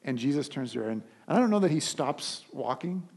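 A man delivers a sermon as a pastor, retelling a story with lively energy. His voice sits at a middle pitch with a husky edge, and he often restarts his phrases as he builds each point. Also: fairly quick. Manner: animated storytelling with frequent restarts.

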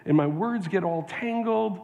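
A man's voice: sits high, measured pace, creaky, mellow, long reverb tail, muffled recording, pitched above the performer's own voice. A man voicing an anxious male biblical prophet, stammering and pleading, read aloud in a sermon.

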